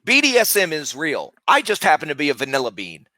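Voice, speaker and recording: Male streamer, high bright voice, brash and foul-mouthed, dry close mic. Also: huge pitch swings, fairly quick, no room sound. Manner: loud, profane, berating. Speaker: live streamer. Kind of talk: casual live stream chat.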